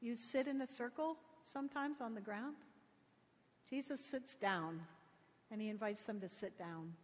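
A middle-aged woman pastor giving a sermon, telling stories with gentle humor. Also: fairly high pitch, a little slow. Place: church. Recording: long reverb of a church.

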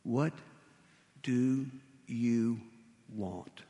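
A preacher speaking as a calm teacher, low and quiet. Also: male voice, very slow, in a large hall.

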